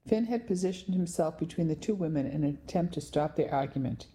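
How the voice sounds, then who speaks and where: Low-voiced woman narrating a novel. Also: animated, a little fast, mellow. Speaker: audiobook narrator. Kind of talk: first-person novel narration.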